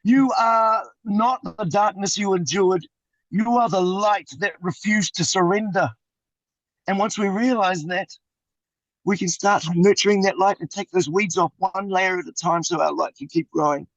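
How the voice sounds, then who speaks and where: A man's voice: sits high, steady tone, normal speed, a bit bright, no echo, highs cut off. A middle-aged man with a New Zealand accent, telling his story in an interview in a passionate, uplifting way and mixing in Māori words. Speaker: interview guest, suicide survivor and mentor.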